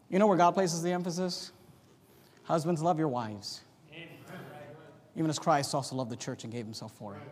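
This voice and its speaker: A man preaching a fiery sermon as a Baptist pastor, reading scripture aloud and rising to shouted peaks. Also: on the high side, in a large hall.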